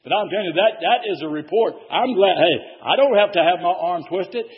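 High-voiced preacher in a reverberant hall. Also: male voice, animated, brisk. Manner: folksy storytelling, rising to shouted exhortation. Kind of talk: sermon. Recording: dull lo-fi sound in a reverberant hall.

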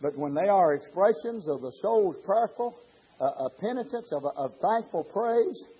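A man preaching a fervent sermon in shouted rhythmic bursts, with quieter asides between. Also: sits high, expressive, moderate pace, breathy edge. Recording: dull lo-fi recording with faint congregation.

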